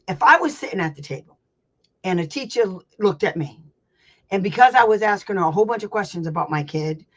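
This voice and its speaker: A woman hosting a casual teaching chat as a special education advocate. She rambles, laughs a lot, and talks bluntly with some salty language. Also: mid-range voice. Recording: slightly dull lo-fi sound.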